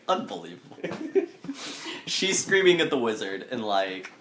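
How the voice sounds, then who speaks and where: A man's voice: on the low side, heavy background noise. A man narrating as game master in a loose, laughing style full of fillers.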